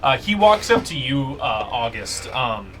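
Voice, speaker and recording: A man narrating slowly as game master of a tabletop game, relaxed and full of fillers. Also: mid-range voice, slight background noise.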